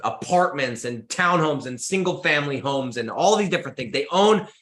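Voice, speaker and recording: A young man hosting a podcast, delivering an excitable motivational monologue with lots of emphatic repetition. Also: a little high, moderate pace, reverberant. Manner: excitable, emphatic, repeats words when pumped. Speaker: podcast host.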